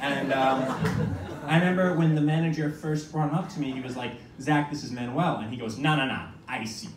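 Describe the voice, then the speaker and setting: A young man in his twenties performing a stand-up comedy set, telling self-mocking stories with quick asides. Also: on the high side. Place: small comedy venue with audience. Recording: echoey room from a far mic, noisy.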